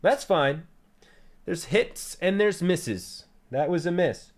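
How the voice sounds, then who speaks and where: A man's voice: fairly high pitch, lively intonation, takes it slowly. A young man streaming and talking casually about his own songs, candid and rambling, swearing freely. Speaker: streamer and musician. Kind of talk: casual livestream chat.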